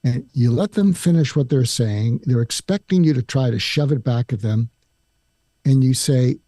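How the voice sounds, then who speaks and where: An older man, a psychiatrist guest on a podcast interview, calmly explaining a conversation technique step by step and acting out example lines. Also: medium pitch, normal speed, no echo, clean studio sound.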